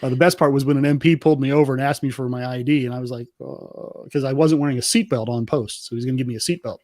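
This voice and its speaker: A man who is a military veteran, telling a story with lively acted-out quotes on a podcast. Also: mid-range voice, quick pace, no room sound, clean studio sound. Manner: lively anecdote teller, acts out quotes. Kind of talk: animated storytelling in casual chat.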